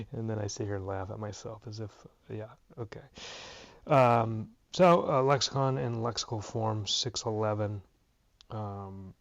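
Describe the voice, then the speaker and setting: A tired man teaching a casual Greek grammar lesson, thinking aloud with plenty of ums and uhs. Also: lowish voice. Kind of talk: unscripted lesson. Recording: dull lo-fi recording.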